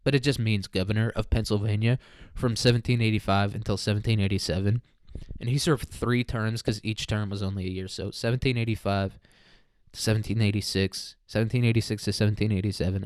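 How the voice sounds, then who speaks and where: A man's voice: on the low side, fairly even intonation, fairly quick, darkish tone. A young man hosting a casual solo podcast, rambling, profane and jokey. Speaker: podcast host.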